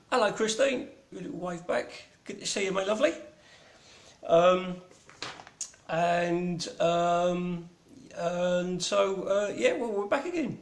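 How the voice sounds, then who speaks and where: Rambling Cockney man in an echoey room. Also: fairly high pitch. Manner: rambling and irreverent, with many ums and mild swearing. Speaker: online gallery show host. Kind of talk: casual live-stream chat.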